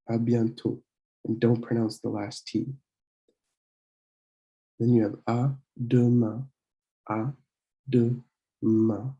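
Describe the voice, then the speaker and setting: A young man teaching a French lesson from slides, slowly repeating words and often clearing his throat to correct himself. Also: mid-range voice, dark tone, poor audio. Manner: slow, repeated pronunciation drills. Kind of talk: slide-based language lesson.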